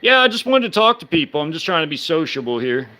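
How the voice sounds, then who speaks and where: A man in his thirties chatting casually with viewers on a live stream, halting, with many restarts, fillers, and speech that slurs when he talks fast. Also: a little high, big pitch swings, bright, forceful tone.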